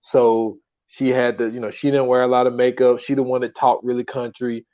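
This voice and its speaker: A man co-hosting a podcast, retelling a show in animated casual chat, acting out quotes and swearing freely. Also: medium pitch, a little fast, muffled recording. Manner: animated storytelling, acts out quotes, profane. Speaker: podcast co-host. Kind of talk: casual chat reviewing shows.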